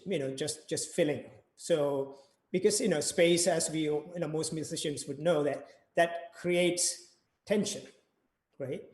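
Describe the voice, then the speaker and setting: A man's voice: fairly high pitch, a little mellow, a little hiss or hum. Man chanting rhythm syllables, echoey. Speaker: percussion teacher. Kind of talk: online rhythm workshop.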